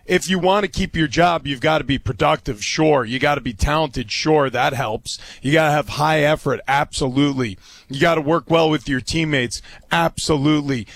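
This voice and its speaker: Male sports co-host, a little high-pitched, earnest, lecturing tone, dry sound. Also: normal speed, vocal fry, a bit bright, no room sound. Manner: earnest, lecturing, repeats for emphasis. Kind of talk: sports talk commentary.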